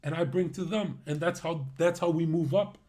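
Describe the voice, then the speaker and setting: A man's voice: fairly high pitch, normal speed, dark tone. A man streaming live, ranting at his chat in a brash, mocking way, swearing and laughing at his own jokes. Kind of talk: livestream rant.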